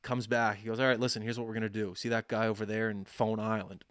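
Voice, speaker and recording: With a lowish voice and a quick pace, this podcast co-host in his 30s tells a long story in a casual chat, recorded at studio quality with no echo. He's animated, voicing each side of the conversations he recounts.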